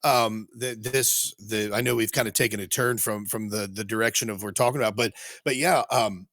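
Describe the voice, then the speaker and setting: A man's voice: fairly low pitch, fairly even intonation, fairly bright tone, dry recording, clean studio sound. A man from Kentucky hosting a casual podcast chat, asking questions eagerly and stumbling over restarts. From Eastern Kentucky. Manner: quick, stumbling restarts, enthusiastic. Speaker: podcast host.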